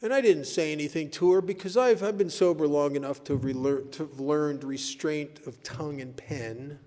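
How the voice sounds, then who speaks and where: A man speaking at a recovery meeting, telling stories in an animated way and laughing at his own tales. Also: a little high, normal speed. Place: meeting hall. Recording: echoey hall recording.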